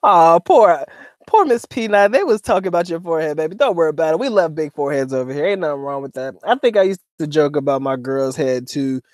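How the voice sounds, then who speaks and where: A man chatting on a livestream in loose slang, dropping curses and laughing easily. His voice sits a little high, and it sounds dry and close, with no room around it. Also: lively intonation, fast, few pauses, darkish tone, no room sound. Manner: slangy and profane, laughs often. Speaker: livestream co-host reading chat. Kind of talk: casual livestream chat.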